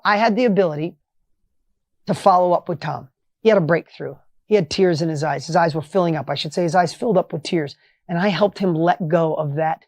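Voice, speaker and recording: A middle-aged man telling a motivational story with energy and emphasis, his voice rising when excited. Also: on the high side, no echo. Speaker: motivational speaker.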